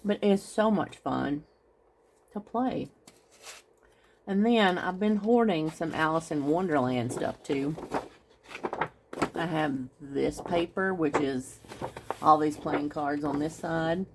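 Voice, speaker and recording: A woman's voice: deep voice, slow pace, pauses often, noisy background. Chatty woman crafting on camera. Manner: rambling, chatty, talks straight to viewers. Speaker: craft vlogger. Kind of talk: casual crafting chat.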